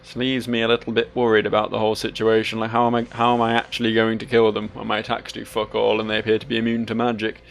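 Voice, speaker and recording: A man's voice: fairly low pitch, monotone, quick pace, vocal fry, few pauses. A sleep-deprived man, giving rambling, sweary gameplay commentary full of self-mocking asides. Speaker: let's play host.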